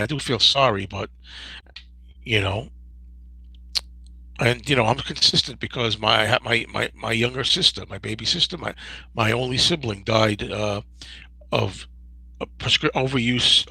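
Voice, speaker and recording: A man in his fifties hosting a casual livestream Q&A, rambling and digressive with many restarts and a gravelly, husky voice. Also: medium pitch, unhurried, long pauses, pushed and bright, no echo, poor audio. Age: 50s. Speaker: host.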